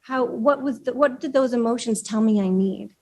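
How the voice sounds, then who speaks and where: A woman's voice: on the high side, normal speed, a little mellow. A woman author giving a conversational workshop talk, explaining ideas and asking the room questions. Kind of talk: live talk to a room of women leaders. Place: room with an audience.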